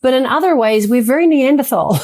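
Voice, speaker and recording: Middle-aged woman, warm mellow tone, expressive coach-type guest who acts out little quotes. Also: sits high, fairly quick. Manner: animated, acts out quoted thoughts in a bright voice. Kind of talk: interview conversation.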